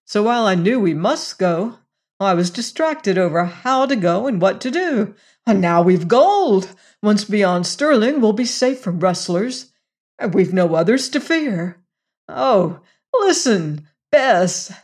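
A woman voicing an earnest, excitable young frontier man in an audiobook, speaking emphatically. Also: mid-range voice, slow pace. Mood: urgent. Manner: emphatic, rising to excited outbursts.

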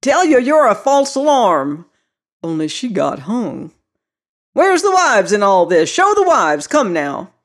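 A reader voicing a young Southern cowboy who teases an old man with gentle, straight-faced mock concern. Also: mid-range voice, takes it slowly, voice pushed up. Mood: teasing. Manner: gentle, solicitous, deadpan teasing. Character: young Southern cowboy, twenty-four, teasing with mock gravity. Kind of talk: audiobook character voice.

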